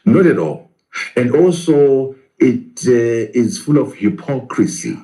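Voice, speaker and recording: A man's voice: mid-range voice, animated, slow, dark tone, low-quality recording. A man, a professor, arguing in a political interview, asking rhetorical questions and answering them himself.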